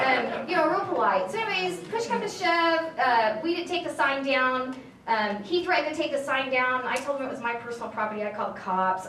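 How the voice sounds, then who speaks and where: A tired woman politician from California tells a story to a crowd at a meeting and playfully acts out every line of the dialogue. Her speaking voice sits somewhat high. The recording is distant and echoey, with faint room noise. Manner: animated storyteller acting out dialogue. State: tired from lack of sleep. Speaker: state assembly member speaking to a political group. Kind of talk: casual storytelling speech. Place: meeting hall with an audience.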